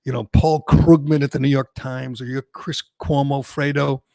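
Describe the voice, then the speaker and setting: A man's voice: mid-range voice, level tone, normal speed, creaky, warm tone, no room sound. A male radio host delivering an emphatic, mocking rant on a talk show, with lots of restarts.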